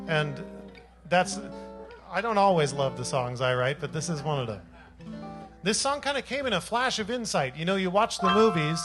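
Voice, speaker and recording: A man who writes songs, joking and telling a playful story to a club audience between numbers. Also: high-pitched. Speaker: singer-songwriter. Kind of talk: stage banter between songs. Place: small jazz club on stage.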